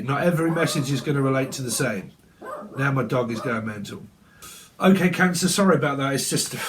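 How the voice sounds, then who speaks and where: A man talks through a tarot spread in a loose, rambling way. He is blunt and profane and sits at home, slightly higher-pitched than most men. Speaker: tarot reader. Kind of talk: casual tarot reading monologue. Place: at home, windy day.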